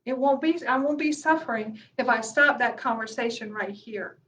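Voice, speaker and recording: A woman meditation teacher speaking in a casual, earnest teaching talk, repeating her key points and often dropping to a soft, low voice. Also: moderate pace. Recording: voice a little far from the mic.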